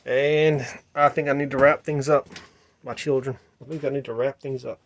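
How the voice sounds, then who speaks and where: Standing outside a bar at night, a vlogger in his "Mother" persona speaks at normal speed in a steady, mid-range voice. He's tipsy and rambling, repeating things, cursing, and thinking aloud to the viewers he calls his children.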